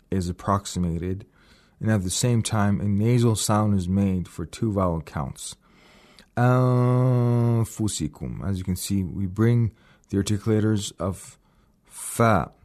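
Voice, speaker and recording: A man with a somewhat low voice leads a radio lesson on recitation. He explains patiently, slowing down and repeating single words to demonstrate each sound. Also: a little mellow. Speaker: Quran recitation teacher.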